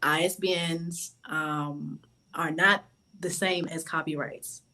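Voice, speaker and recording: A woman's voice: deep voice, steady tone, takes it slowly, sharp tone, rough recording. A woman publishing consultant on a panel, giving emphatic, instructive advice. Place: video call.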